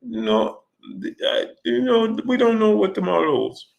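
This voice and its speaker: A stumbling, filler-laden impression of a middle-aged boxer, put on by a man. The voice is pushed noticeably higher than his own and hesitates through every sentence. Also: big pitch swings, creaky, full character voice. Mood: hesitant. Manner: halting, filler-heavy, stumbling restarts.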